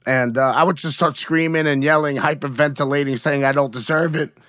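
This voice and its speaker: A man with a fairly high voice speaks openly and emotionally as a guest in an interview, often checking in with "you know what I mean?". The recording is dry and close, with no room sound. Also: fairly even intonation, fairly quick, a bit bright, no room sound. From United States. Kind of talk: candid conversational interview.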